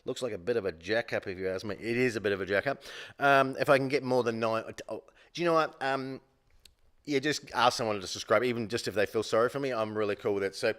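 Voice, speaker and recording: A man's voice: mid-range voice, fast talker, a bit bright. A man hosting a live-streamed quiz, rambling and joking at his own expense, with many fillers. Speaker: quiz show host.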